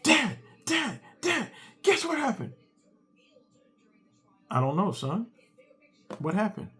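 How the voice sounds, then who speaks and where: Brief: man doing an excitable seven-year-old boy, high-pitched and stammering, a gravelly edge underneath. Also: measured pace, heavily acted. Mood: excited. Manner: stammering, tumbling over words.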